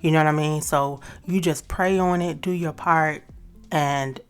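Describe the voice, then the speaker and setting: A woman's voice: deep voice, fairly even intonation, measured pace, smooth, faint music behind. A woman hosting a talk show, giving chatty, direct advice to her listeners in a casual way. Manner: chatty and direct, addresses listeners as y'all and sis. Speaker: host.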